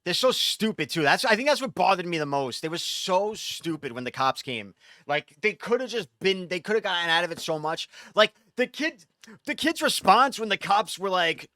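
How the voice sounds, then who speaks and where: A man, a streamer, telling a story in casual, profane, animated talk. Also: sits high, normal speed, no echo.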